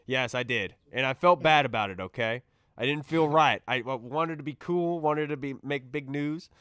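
A man hosting a casual sports podcast, talking in an excitable, rambling way as he tells stories and reads out fan questions. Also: medium pitch, normal speed, clean tone, no echo.

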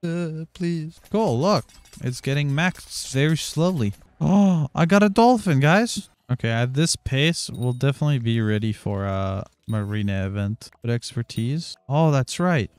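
Young male streamer, mid-pitched, crude and profane banter with chat, jumps into excited yelps over loot, casual gameplay commentary. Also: a little slow, clean tone, no echo. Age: 20s. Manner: crude, joking and profane, with sudden excited outbursts. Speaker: livestreamer.

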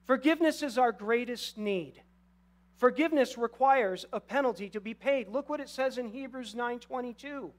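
A man preaching as a guest pastor in a church, earnest and conversational, addressing the congregation with rhetorical questions. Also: very high voice. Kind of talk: sermon. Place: church sanctuary.

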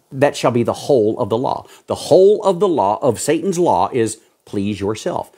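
A man preaching a sermon as a pastor, swinging between loud exhortation and hushed pleading. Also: medium pitch, expressive, normal speed, few pauses, breathy edge.

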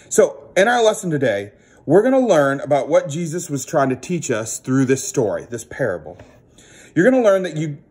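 A man teaching children a Bible story as a children's ministry teacher, animated and acting out the characters. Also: on the high side, husky.

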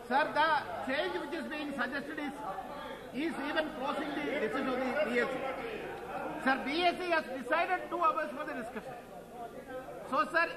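Indian English-accented male lawmaker, polite and deferential, very high voice, members murmuring. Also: in a large hall. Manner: deferential, addresses the chair as sir constantly. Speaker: member of parliament. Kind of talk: parliamentary debate speech.

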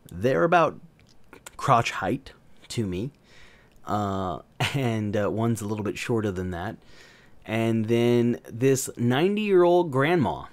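A man from the American South telling a story, crude and joking, rambling with many fillers. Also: mid-range voice. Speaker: gaming channel host. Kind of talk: casual storytelling.

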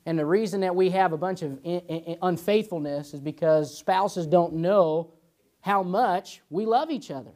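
Speaking at normal speed in a high-pitched, darkish voice, this young man in his twenties leads a chatty Sunday school lesson as a pastor. He tells personal anecdotes and punctuates his points with "amen" and "you know."

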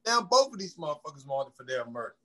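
Profane, fast-talking podcast host man. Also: a little high. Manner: profane, animated retelling with quoted dialogue. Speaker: podcast host recapping a film. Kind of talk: casual chat.

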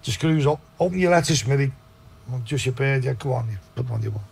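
A middle-aged Liverpool man with a gravelly, husky voice tells his story in a podcast interview. He talks bluntly and swears freely, keeping his voice low as he recounts what happened. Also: lively intonation, quick pace. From Liverpool, England. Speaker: podcast guest.

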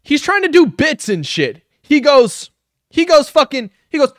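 A man's voice: very high voice, sing-song, unhurried, a bit bright, no room sound, studio quality. A man reacting to a video with mocking, sarcastic, profane commentary. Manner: mocking, sarcastic, swears a lot.

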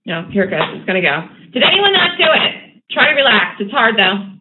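A woman hosting a live day trading stream, talking excitedly to herself and her viewers with frequent laughter. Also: fairly high pitch, fairly quick. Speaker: day trading show host. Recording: tinny phone-like audio with faint noise.

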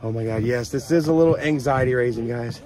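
Talking fast in a mid-range voice, a nervous man vlogs from a mountain lookout, exclaiming anxiously as he narrates casually. It's outdoor handheld-camera audio with background noise.

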